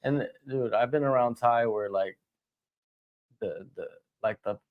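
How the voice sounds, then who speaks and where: A man's voice: medium pitch, unhurried, phone-quality sound. A man hosting a casual sports news chat, laid-back and fond of saying "you know what I mean". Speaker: host of MMA news show.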